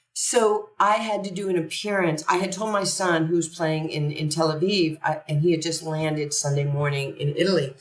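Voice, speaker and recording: Older woman, very low voice, animated long-winded storyteller, podcast guest, echoey room, distant mic. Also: normal speed. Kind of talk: conversational storytelling.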